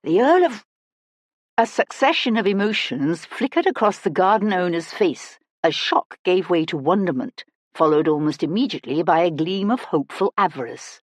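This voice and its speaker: A woman narrating a historical mystery audiobook in an expressive storytelling manner, close to the mic. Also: lowish voice, normal speed, hardly any pauses, no echo.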